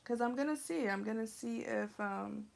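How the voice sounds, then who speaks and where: A woman's voice: a little high, normal speed, gravelly. A woman with an American accent doing a live tarot reading, chatting and teasing with viewers as she thinks aloud. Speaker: tarot reader.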